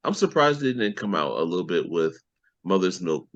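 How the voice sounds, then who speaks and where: Man podcast co-host, expressive swoopy delivery, jokey asides. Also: sits low, normal speed, dull audio. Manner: lively, jokey, slips into mock quotes. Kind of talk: casual TV recap chat.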